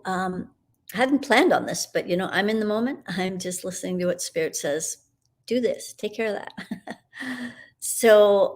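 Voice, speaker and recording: A middle-aged woman hosting a live broadcast and leading a guided energy clearing in a meandering, soothing, spiritual way. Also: fairly low pitch. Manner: meandering, spiritual, soothing, with soft laughs and fillers.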